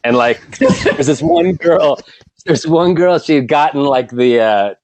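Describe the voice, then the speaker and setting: A man's voice: fairly high pitch, measured pace, noisy background. A man guesting on a podcast, telling wry, profane stories in a casual chat. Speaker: guest comedian.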